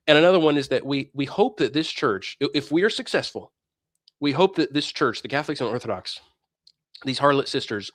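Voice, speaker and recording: A man's voice: medium pitch, a bit bright, no room sound. Scornful man ranting, dry close sound. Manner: heated, scornful and preachy, mocking opponents. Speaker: host of a religious debate stream. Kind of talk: ranting monologue.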